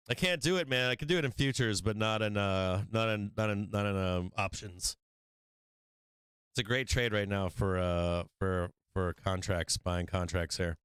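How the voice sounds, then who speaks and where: A man's voice: lowish voice, a little slow, long pauses, a bit bright, clean tone, dry recording. A man hosting a livestream market show, talking trading in a brash, profane, rambling way and laughing often. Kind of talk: casual livestream trading talk. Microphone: studio microphone.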